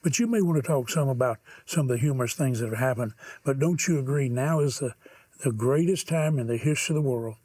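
A man's voice: mid-range voice, quick pace, a little mellow. A male host asking earnest, leading questions in an interview.

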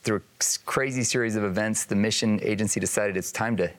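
Earnest storytelling man, low voice. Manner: earnest storyteller, brisk anecdotes. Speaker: guest author. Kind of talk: casual studio interview. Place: TV studio set.

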